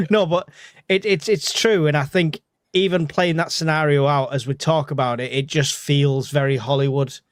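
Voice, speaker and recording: A man in a casual podcast discussion, talking in a measured way and thinking aloud with short restarts. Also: a little high, no echo, clean studio sound.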